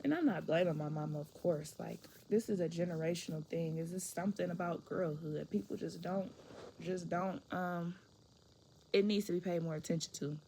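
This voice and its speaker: A woman's voice: on the low side, normal speed, warm tone, slight background noise. A woman telling a personal story to camera in a frank, conversational way, often restarting and repeating phrases.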